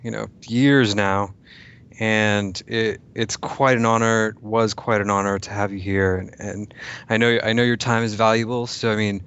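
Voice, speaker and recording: A man's voice: on the low side, steady tone, normal speed, fairly bright tone, clean tone. A man hosting a podcast, thanking his guest in a hesitant, appreciative way with many restarts. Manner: hesitant, appreciative, repeats words. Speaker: podcast host. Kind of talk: interview wrap-up. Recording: dull lo-fi recording.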